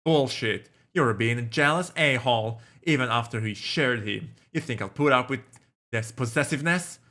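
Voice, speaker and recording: A man's voice: mid-range voice, moderate pace, sharp tone, close to an everyday voice. A man voicing a hot-tempered, jealous adult man who snaps and curses at his partner. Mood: angry, scolding. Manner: angry, cursing, snapping.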